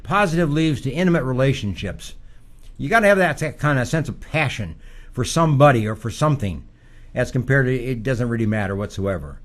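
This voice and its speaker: An older man, a psychologist, giving earnest, teacherly parenting advice that repeats its key points. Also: mid-range voice. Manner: earnest, repetitive, teacherly, with rising emphasis. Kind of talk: advice talk.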